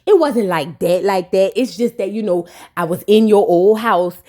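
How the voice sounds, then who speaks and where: A woman's voice: mid-range voice, moderate pace, a little mellow, pitched below the performer's own voice, lightly acted. A woman putting on the voice of a meek woman who rambles through awkward excuses with lots of fillers. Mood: sheepish. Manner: hesitant, rambling, full of fillers.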